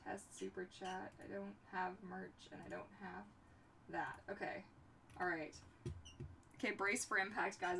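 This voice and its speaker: A young woman chats casually on a livestream and often turns aside to talk to her pets, in an animated, lively way. The mic sits some way from her. Steady background noise runs under her voice. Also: mid-range voice, measured pace, vocal fry, far from the mic. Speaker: livestream host.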